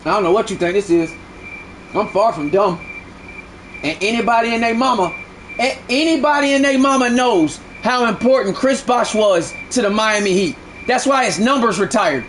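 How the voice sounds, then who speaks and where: High-pitched male streamer, heated profane rant at viewers, repeats lines, faint background hum. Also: moderate pace, a bit bright. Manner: heated, repetitive, profane arguing. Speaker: live game streamer. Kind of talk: ranting at live chat during a stream.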